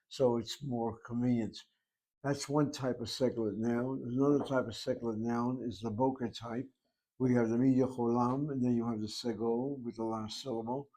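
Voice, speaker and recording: Standing at the board, a man lectures a class on Hebrew grammar, carefully spelling out letters and vowels. He's a Hebrew teacher with a dark tone and medium pitch.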